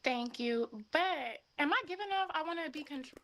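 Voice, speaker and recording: A woman in her twenties talks as a guest on an online show. Her speech is casual and full of fillers, and her voice sits a little high. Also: lively intonation, normal speed, a bit bright. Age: 20s. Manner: casual, filler-heavy, with a lot of like. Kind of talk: casual chat.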